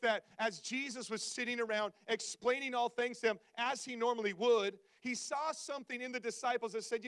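A man preaches in a fairly high voice, with animated, self-mocking humor that keeps the sermon conversational. He talks to his congregation as if chatting with friends. The sound is dry and close. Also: normal speed, hardly any pauses, clear, resonant tone, no room sound. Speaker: pastor. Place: church service before a congregation.

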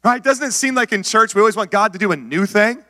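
A middle-aged man preaching a sermon, telling his own story with lively acted-out lines and calling out to the congregation. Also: high voice, fast talker. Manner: animated storytelling, acts out his own past words; calls out to the congregation. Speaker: pastor. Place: church sanctuary. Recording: long hall reverb.

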